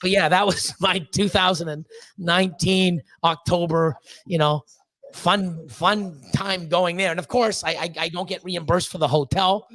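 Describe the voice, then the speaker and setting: A man in his fifties, a guest on a live stream, casually telling a long story, profane and rambling, getting animated when he quotes people. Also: sits high, a little slow, no room sound. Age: 50s.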